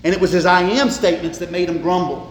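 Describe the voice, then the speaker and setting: A man preaching a sermon as a pastor, emphatic, repeating words and slowing down for stress. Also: high-pitched, a little hiss or hum. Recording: echoey hall, faint ambience.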